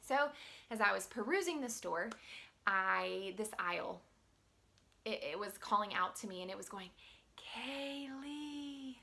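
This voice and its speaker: A woman teacher telling a story to the camera in a chatty, animated way, full of filler words. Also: mid-range voice, normal speed, creaky.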